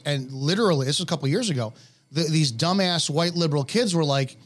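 Man, radio talk show co-host, blunt profane rant, fairly high voice. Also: fast. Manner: blunt, profane, heated ranting.

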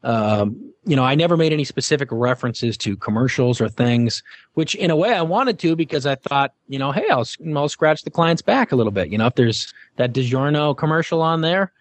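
A man's voice: medium pitch, no echo. Rambling middle-aged man, dry sound. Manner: rambling, many fillers and restarts. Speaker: guest, former game show host. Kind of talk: casual interview anecdote.

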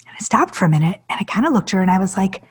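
A woman in her forties hosting a podcast, telling her own story in an animated, emotional way. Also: racing, slightly rough. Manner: animated, acts out quoted voices with big pitch jumps; emotional, near tears. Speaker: podcast host. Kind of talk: personal storytelling monologue.

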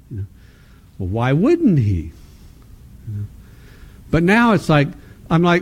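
A man's voice: a little high, moderate pace, long pauses, breathy edge. A man preaching at a conference, telling a personal testimony with laughter and acted-out dialogue, often restarting his words. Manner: animated storytelling, acts out dialogue with laughter; stammering restarts when speaking reflectively. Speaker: conference speaker.

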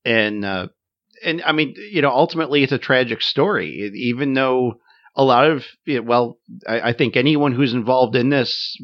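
A man's voice: mid-range voice, no echo. A man in casual conversation, talking thoughtfully with frequent fillers and restarts. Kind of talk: casual conversation about a war film. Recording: slightly dull, dry sound.

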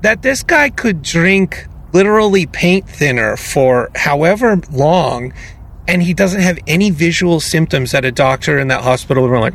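A man's voice: fairly high pitch, animated, moderate pace, a bit bright. A male podcast co-host in casual chat, incredulous and rambling, often restarting his thoughts.

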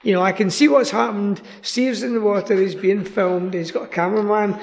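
Chatty Scottish man with a gravelly voice. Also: high voice, steady tone, brisk, big-room sound. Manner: chatty, rambling, laughing asides. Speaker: guest. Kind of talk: casual radio chat.

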